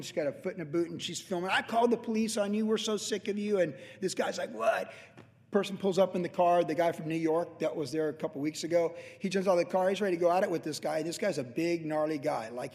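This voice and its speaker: A man's voice: a little high, fairly even intonation, quick pace, few pauses, darkish tone, in a large hall. A man in his late fifties, a pastor telling a rambling, conversational story in a casual sermon, full of restarts and asides. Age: late 50s.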